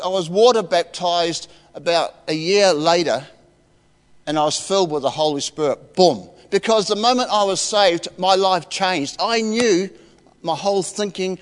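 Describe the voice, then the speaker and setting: A man's voice: high-pitched, clear, resonant tone. A man, giving a heartfelt, emotional personal testimony as a preacher in a church. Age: 60s. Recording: reverberant church hall.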